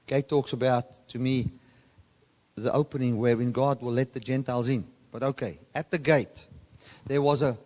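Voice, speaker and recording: Preaching man in a reverberant hall. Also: mid-range voice. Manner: animated preaching, voice rising and dropping sharply for emphasis. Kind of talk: sermon.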